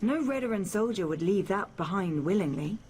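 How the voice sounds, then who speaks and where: A woman's voice: mid-range voice, animated, brisk, crowd noise, close to an everyday voice. A woman voicing a determined female soldier ally in a game, urgent and commanding.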